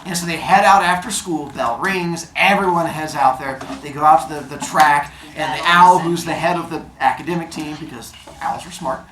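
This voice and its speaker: A man teaching a class, telling a modern fable with playful, animated delivery and character voices. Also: a little high, moderate pace, hardly any pauses, reverberant.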